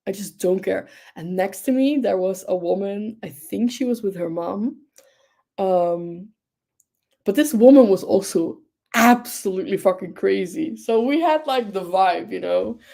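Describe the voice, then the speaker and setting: A young woman hosting a relaxed livestream chat, talking unhurriedly with a gravelly fry in her voice. She gushes enthusiastically and rambles along with plenty of filler words. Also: medium pitch, unhurried. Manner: gushing, enthusiastic, chatty with many fillers. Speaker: livestream host. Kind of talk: casual chat.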